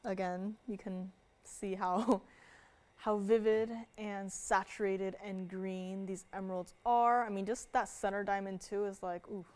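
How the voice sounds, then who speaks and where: A woman's voice: mid-range voice, steady tone, a little slow, darkish tone. A woman hosting a live jewelry shopping show, talking casually with frequent laughs and fillers as she describes pieces and answers viewers. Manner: chatty, laughs often, many fillers. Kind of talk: live home-shopping presentation.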